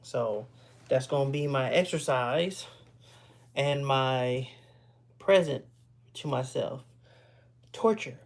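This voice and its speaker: A man's voice: medium pitch, slow pace, long pauses. A man in his thirties talks loosely to his viewers from his home computer. He sounds sleepy and stifles yawns. He drifts between thoughts, taking back and fixing what he just said. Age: 30s. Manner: rambling, self-correcting, laid-back. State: sleepy, yawning. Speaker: streamer. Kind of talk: casual live-stream chat.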